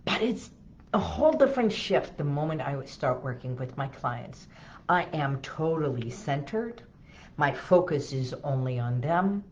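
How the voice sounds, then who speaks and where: A woman hypnotherapist talking in an animated, hands-on way from her office. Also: low voice, unhurried, highs cut off, a little hiss or hum. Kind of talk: casual talk to camera.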